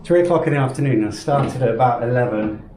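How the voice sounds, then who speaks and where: A man's voice: mid-range voice, animated, fast, roomy sound, noisy background. A man chatting casually on a home vlog while renovating his house, rambling and self-deprecating. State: out of breath. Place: house under renovation, indoors.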